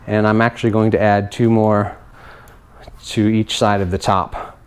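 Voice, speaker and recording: Everyday guy, mid pitch, relaxed, filler-heavy gear walkthrough in a garage. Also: clean tone. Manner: relaxed, chatty, frequent fillers. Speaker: paramotor reviewer. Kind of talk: casual on-camera gear walkthrough. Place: garage, indoors.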